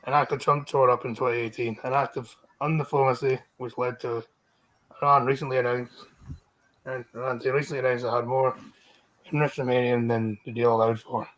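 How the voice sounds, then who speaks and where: A man's voice: medium pitch, level tone, brisk, a bit bright, low-quality recording. A Scottish man reading the news on a live stream in a blunt style, swearing freely. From Scotland. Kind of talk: casual chat.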